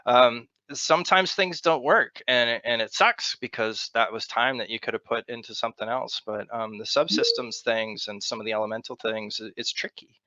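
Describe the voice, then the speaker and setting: An American man from Arizona answering community questions on a voice call in a relaxed, halting way, often restarting his sentences. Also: medium pitch. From Arizona, USA. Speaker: game developer. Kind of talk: casual Q&A in a voice call. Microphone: computer mic on a voice call. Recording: dull lo-fi voice call.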